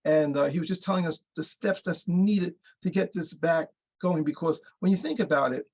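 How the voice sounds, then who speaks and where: Gravelly, husky older man. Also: fairly high pitch, moderate pace, a little mellow, poor audio. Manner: earnest, explains at length, quotes people. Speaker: guest bandleader. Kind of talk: interview conversation.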